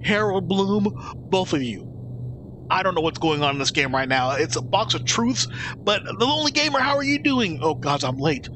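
A man streaming a video game, talking to chat with excitable, swearing commentary. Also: high voice, normal speed, background noise. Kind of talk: live gameplay commentary.

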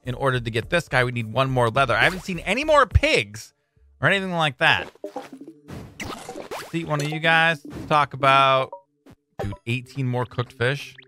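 A man talks through a game he is playing, his bright voice leaping around in pitch. He drops to a mutter one moment and bursts out loud the next. Faint game music plays behind him. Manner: excitable, swings between mumbling and loud outbursts, says "dude" a lot. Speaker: gaming YouTuber. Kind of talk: casual let's-play commentary.

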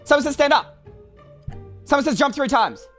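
A woman's voice: sits high, expressive, a bit bright, faint music behind. A woman hosting a game of Simon Says, calling out commands in a bubbly, teasing way. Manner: bubbly, teasing, quick calls. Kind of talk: excited game commentary.

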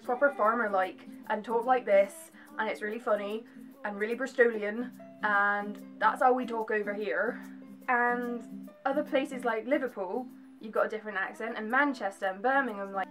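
A young woman from England with an English accent and a slight American twang, chatting to camera with animated, jokey asides in a home vlog. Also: a little high. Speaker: vlogger. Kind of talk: casual chat to camera.

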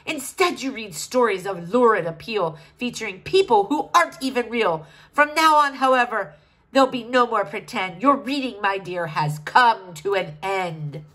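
Storybook read-aloud: woman doing a vain, scolding king, lively and theatrical. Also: medium pitch, normal speed, poor audio. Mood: furious. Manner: blustering, scolding, rhymed verse. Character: fussy vain male king, fashion-obsessed, pompous.

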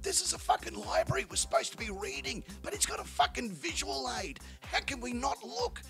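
A man voicing an awed library patron in a soft, hushed, high voice. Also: sing-song, a little fast, music in the background, exaggerated voice. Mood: hushed awe.

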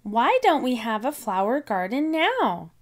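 A woman voicing a small, excitable girl piglet in a storybook, using a high childlike voice. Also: unhurried. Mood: excited.

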